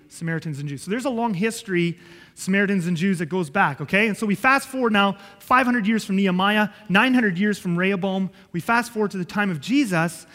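This is a man preaching a sermon in a high, fairly bright voice, with a long reverb tail trailing his words. He is emphatic yet conversational, repeating himself and often checking in with his listeners by asking "okay?"

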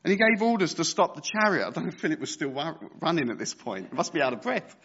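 A man's voice: fairly high pitch, expressive, fast talker, a bit bright, breathy edge, lo-fi sound. A man preaching a sermon as pastor, reading scripture with conversational, joking asides.

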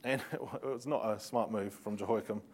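Lively, sardonic male Bible teacher. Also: fairly low pitch, moderate pace. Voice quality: lively storytelling with laughing asides and sarcasm.

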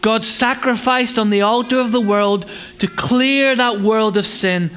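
A man's voice: fairly even intonation, measured pace, a bit bright, clear, resonant tone. A man preaching a conversational sermon with humour, asking his congregation rhetorical questions and acting out children's voices. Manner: acts out children's voices in a higher pitch. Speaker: pastor.

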